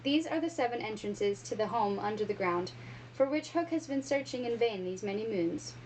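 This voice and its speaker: Expressive woman reading a storybook aloud, mid pitch, faint noise behind. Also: moderate pace, low-quality recording. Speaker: reader.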